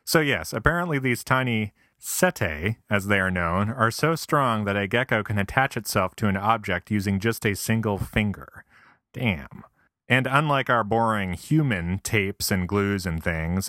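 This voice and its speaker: Man, scripted comic narration, wry and self-deprecating, lowish voice, bright forceful tone. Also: normal speed, no room sound, studio quality. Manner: wry, self-deprecating, mock-earnest asides. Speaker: comic essayist.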